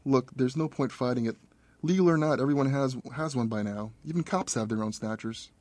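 A man's voice: medium pitch, a little fast, darkish tone, no room sound, lightly acted. A man voicing an unsettled, grieving woman in a storybook reading, insistent and rising in tone.

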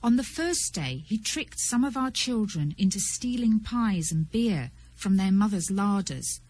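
A woman reading aloud, voicing a respectful, anxious village man who speaks very softly. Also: mid-range voice, slightly rough, low-quality recording. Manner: hushed, near whisper.

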